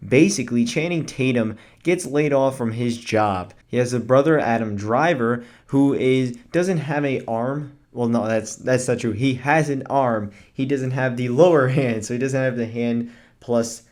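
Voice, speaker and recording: A man's voice: medium pitch, a little slow, darkish tone. Guy doing a laid-back movie review vlog, rambly, lots of ums and restarts, mid-range voice. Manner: chatty and rambling, with fillers and self-corrections. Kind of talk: casual spoken movie review.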